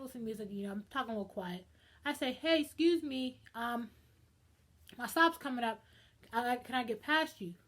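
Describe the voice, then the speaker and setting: A young woman ranting in a casual vlog, dramatic and animated, swinging between loud outbursts and hushed asides. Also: a little high. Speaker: vlogger.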